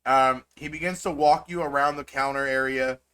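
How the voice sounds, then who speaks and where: A man's voice: medium pitch, steady tone, moderate pace, pushed and bright, clear, resonant tone. A man narrating as game master in a tabletop game, rambling and full of fillers.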